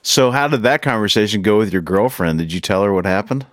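A man's voice: on the low side, lively intonation, quick pace, dry recording, studio quality. A man co-hosting a podcast, reacting to a guest's story with short interjections and questions.

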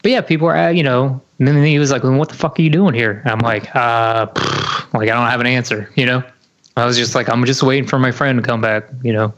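A man's voice: medium pitch, a little fast, fairly bright tone, muffled recording. A young man telling a story in casual chat, full of fillers and swearing. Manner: swears a lot, lots of "like" and "you know".

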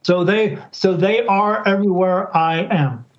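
Dull audio captures an unhurried man whose voice sits high. A psychic and guest on a podcast, he recounts a story in a casual interview, animatedly voicing other people's lines in different voices.

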